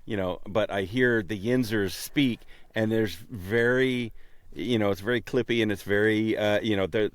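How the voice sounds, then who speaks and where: Rambling male podcast co-host, lowish voice. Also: normal speed, no room sound. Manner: rambling, repeats words. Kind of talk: casual interview chat.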